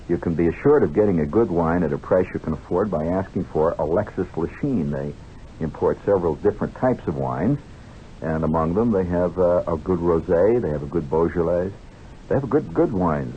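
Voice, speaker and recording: A man hosting a radio show, reading ads in a casual, wry monologue with joking asides. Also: sits low. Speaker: radio host reading commercials. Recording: dull vintage radio broadcast with faint hiss.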